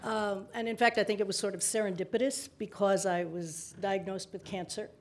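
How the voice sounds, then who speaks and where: A woman in her sixties, a panel guest at a public forum, telling her story in an animated way with laughs between remarks. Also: mid-range voice, fairly quick, slight background noise. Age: 60s. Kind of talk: conversational storytelling at a live forum.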